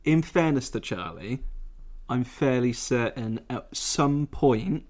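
A man's voice: mid-range voice, slow, darkish tone. A man co-hosting a casual podcast chat, swearing freely and laughing often. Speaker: podcast co-host.

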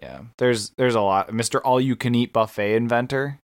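A podcast co-host chats casually, gushing with enthusiasm and often restarting his sentences. His mid-range male voice moves at a moderate pace, recorded at studio quality with no echo.

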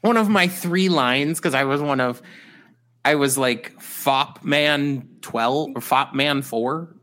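A man's voice: medium pitch, slow pace, pushed and bright. A young man co-hosting a podcast, telling rambling, self-deprecating stories and laughing often. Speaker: podcast co-host. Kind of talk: casual podcast chat.

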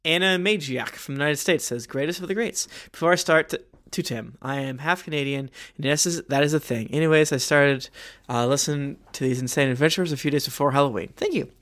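Man reading reviews, slightly high voice. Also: fairly bright tone. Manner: quick, offhand reading with small asides. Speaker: podcast co-host. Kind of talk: casual chat, reading listener reviews aloud.

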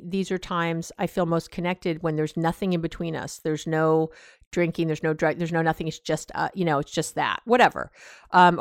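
Smooth-voiced woman podcast host, dry sound. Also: mid-range voice, dry recording. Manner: acts out sample dialogue, many fillers and restarts. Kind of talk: casual advice talk.

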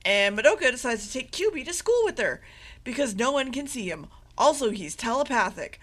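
A woman's voice: a little high, sing-song, brisk, a bit bright. A woman co-hosting a podcast, giving a rambling, casual anime recap with laughs and swearing. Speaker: podcast co-host.

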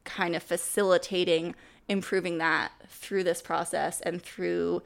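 Gravelly-voiced woman chatting on a podcast. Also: on the low side, measured pace. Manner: animated, laughing, acts out quoted lines. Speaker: podcast co-host. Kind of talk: casual chat.

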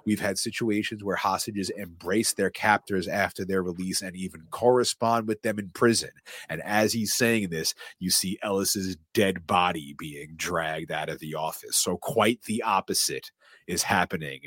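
Lower-voiced man recapping a film scene by scene. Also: normal speed, breathy edge, dry recording. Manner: animated storyteller, acts out quotes and swears casually. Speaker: podcast co-host recapping a film. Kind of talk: casual chat, scene-by-scene recap.

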